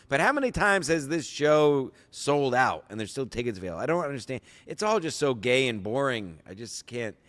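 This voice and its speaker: A man's voice: mid-range voice, a bit bright, in a large hall. A man hosting a podcast in casual solo chat, rambling, sarcastic and profane. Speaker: podcast host.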